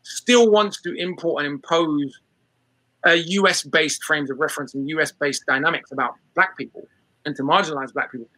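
A British man answering an interview question at length, as a guest author, in a forceful, argumentative, lecture-like way. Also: fairly high pitch, no echo, poor audio. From Britain. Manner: rapid, forceful, argumentative delivery.

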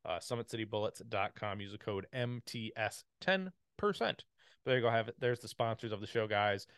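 Low-voiced casual podcast host. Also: male voice, moderate pace, fairly bright tone, smooth, dry recording, studio quality. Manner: rambling, upbeat, filler-heavy. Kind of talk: casual sponsor read.

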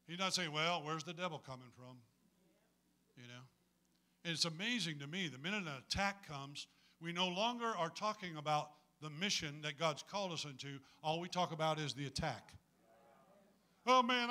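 A man preaches a sermon in a church. His voice sits high and rings very bright and sharp. He talks in a folksy, humorous way and keeps calling on the congregation to answer back.

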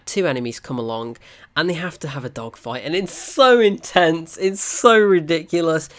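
Excitable film reviewer. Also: mid-range voice. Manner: breathless, animated, laughs and swears often.

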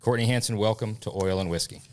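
A man's voice: on the low side, steady tone, fast talker, a little mellow. A man hosting a podcast, reading a guest introduction and bantering. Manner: reads the intro, then jokes loosely. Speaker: podcast host. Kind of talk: casual podcast chat.

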